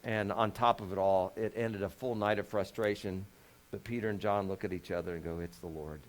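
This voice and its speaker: A man's voice: on the low side, steady tone, brisk. A man preaching a conversational sermon as a pastor, folksy and joking, with lots of rhetorical questions.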